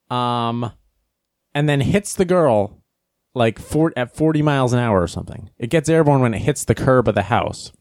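A man hosting a podcast, telling a casual comic story and commenting on the news, acting out quotes in high voices. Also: animated, moderate pace, no room sound, studio quality. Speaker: podcast host.

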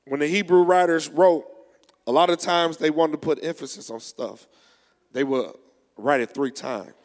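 A male preacher delivering a sermon, reading scripture slowly and preaching with rising fervor. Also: on the high side. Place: church. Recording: long echo of a large hall.

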